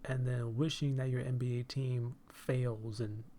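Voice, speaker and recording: A man's voice: mid-range voice, flat delivery, measured pace, dark tone. A man hosting a live stream and podcast in casual chat, effusive, often repeating "hey" and "my dude" and laughing between phrases.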